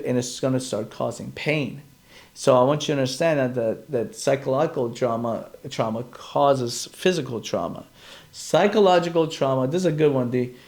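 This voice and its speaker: A man's voice: medium pitch, a little mellow. A man, a chiropractor, hosting a casual live podcast from his phone, rambling and earnest, breaking off mid-sentence often. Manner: rambling, self-interrupting, earnest. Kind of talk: casual live-stream chat.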